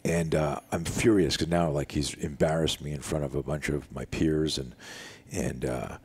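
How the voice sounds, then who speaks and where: A man's voice: extremely low pitch, normal speed, husky. A middle-aged man, a self-defense instructor, telling a story in a casual conversation and acting out the voices of the people in it. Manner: animated storyteller, acts out quoted voices. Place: living room.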